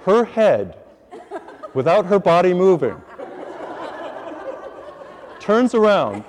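A priest preaches a sermon as a lively, self-deprecating story, acting out his own reactions. He speaks slowly in a high voice, with long reverb from the hall.

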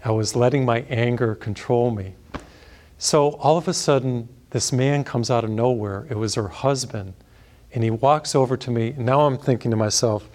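A man's voice: mid-range voice, moderate pace, darkish tone. A middle-aged male priest preaching a sermon as a conversational story, chuckling now and then.

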